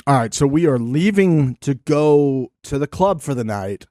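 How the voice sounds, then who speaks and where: A man's voice: mid-range voice, lively intonation, unhurried, dark tone, dry recording, clean studio sound. A man co-hosting a podcast in casual, playful chat. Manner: playful, jokey. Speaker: podcast co-host.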